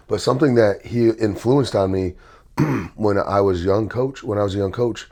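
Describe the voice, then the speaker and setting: A middle-aged man hosting a casual interview, speaking in a calm, measured way. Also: fairly low pitch. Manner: calm, measured, even-tempered. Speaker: host and basketball trainer.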